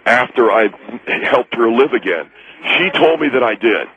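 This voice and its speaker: A man's voice: medium pitch, lively intonation, normal speed, close to an everyday voice. A man voicing a cocky young male telemarketer in a radio comedy bit, smug and nasal, boasting about himself. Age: 20s. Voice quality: nasal, slurred speech. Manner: smug, boastful sweet-talker. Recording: dull radio broadcast sound.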